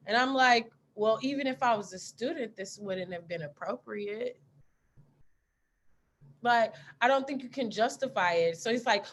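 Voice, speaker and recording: Animated woman scientist telling stories. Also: on the high side, moderate pace. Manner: candid, animated storyteller acting out dialogue. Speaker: postdoctoral scientist giving a talk. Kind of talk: storytelling talk.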